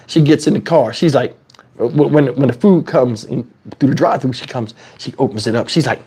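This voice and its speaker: A man telling a story in a casual, animated way, swearing freely and speaking conversationally. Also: medium pitch, moderate pace, husky.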